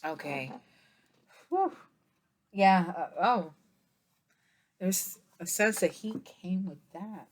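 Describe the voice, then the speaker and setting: A woman's voice: fairly low pitch, lively intonation, takes it slowly, long pauses. A tired woman giving a casual tarot reading to camera, chatty and meandering, with many fillers and yawns. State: tired, yawning. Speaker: tarot reader.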